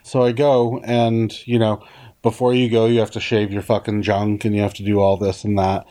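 Guy with a warm low-key voice swearing his way through a story, blunt casual chat. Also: monotone, moderate pace.

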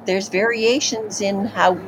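A Canadian woman co-hosting a podcast in lively casual chat, sometimes imitating how people pronounce words. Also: mid-range voice, a little slow, a little hiss or hum, rough recording. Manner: lively, conversational, mimics pronunciations. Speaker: podcast co-host.

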